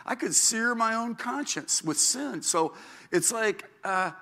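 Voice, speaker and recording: Bright-voiced grandfatherly pastor preaching. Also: slow pace, gravelly. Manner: animated, chatty, acts out quotes with big pitch jumps. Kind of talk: sermon.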